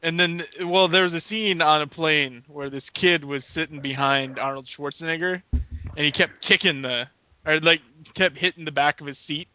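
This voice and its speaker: A man's voice: a little high, fairly even intonation, moderate pace, pushed and bright, no room sound. A man co-hosting a comedy podcast, with dry, teasing banter. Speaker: podcast co-host. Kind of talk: casual comedy chat.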